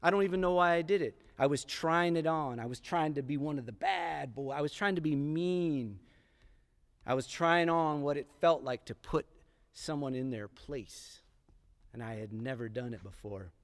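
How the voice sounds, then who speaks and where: Man telling a story on a theatre stage. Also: on the high side. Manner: dramatic pauses, emphatic repetition. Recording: long theatre hall reverb.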